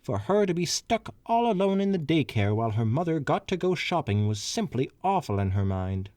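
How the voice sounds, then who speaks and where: A man's voice: a little high, big pitch swings, moderate pace, a little mellow, no room sound, studio quality. A man co-hosting a comedy podcast, reading fanfiction aloud and stopping to add asides. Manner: reads with asides and stumbles.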